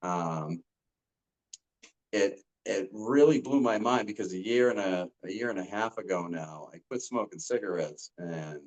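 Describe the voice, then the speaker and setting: Deep-voiced man, halting and earnest. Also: low-quality recording. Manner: earnest, halting, with frequent ums and restarts. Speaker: coaching client giving a testimonial. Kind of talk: casual testimonial talk.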